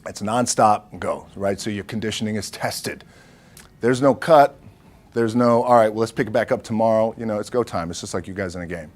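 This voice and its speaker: Low-voiced man casually telling an anecdote. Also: a little fast. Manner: relaxed, profane, conversational.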